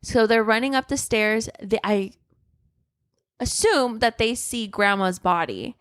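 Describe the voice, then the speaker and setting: A woman's voice: a little high, a little slow, smooth, no room sound, clean studio sound. A woman co-hosting a book podcast in casual chat, retelling the plot, swearing casually and laughing often. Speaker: podcast co-host.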